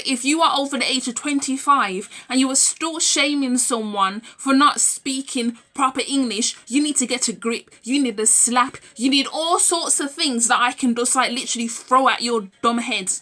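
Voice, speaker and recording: A woman's voice: high-pitched, normal speed, few pauses, bright, forceful tone. A young adult woman vlogging a heated, emphatic rant straight to camera, swearing as she goes.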